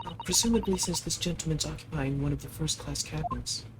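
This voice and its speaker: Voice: mid-range voice, a little fast, noisy background. A streamer reading a visual novel aloud on a live stream, polite in the dialogue and playful in the asides. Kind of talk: live game voice-over reading.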